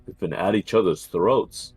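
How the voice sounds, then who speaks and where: A man's voice: low voice, normal speed, darkish tone, slightly rough, faint music behind. A man playing a tabletop game online, speaking in character in a hesitant, stammering way. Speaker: player.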